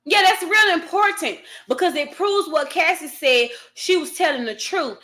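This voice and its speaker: A woman's voice: very high-pitched, lively intonation, normal speed, sharp tone. A woman vlogger giving casual, indignant news commentary, reading an article aloud and ranting with emphasis.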